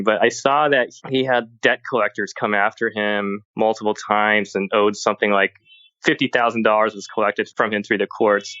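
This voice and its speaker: A man talking as a podcast guest, telling stories in a casual, animated way and acting out the exchanges he quotes. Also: lowish voice, dry recording, highs cut off. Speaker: guest, tech journalist. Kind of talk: casual storytelling in conversation.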